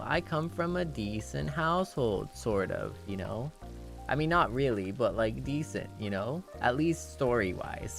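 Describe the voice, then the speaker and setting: A man's voice: mid-range voice, creaky. A young man streaming, telling a rambling story in casual chat with lots of fillers and restarts. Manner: rambling, animated, lots of "you know" fillers and restarts, laughing at his own story.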